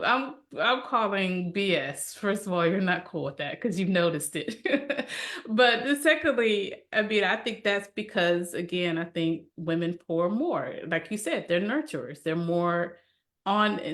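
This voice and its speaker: A woman co-hosting a casual podcast discussion, teasing and quick, laughing often as she talks. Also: on the low side, fairly bright tone. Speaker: co-host.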